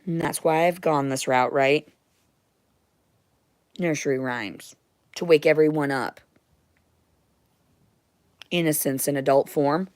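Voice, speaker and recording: A young woman in a rambling, emotional monologue, blunt and profane, jumping between loud outbursts and hushed whispers. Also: deep voice, slow pace, pauses often, dry recording. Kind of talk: rambling monologue to unseen listeners.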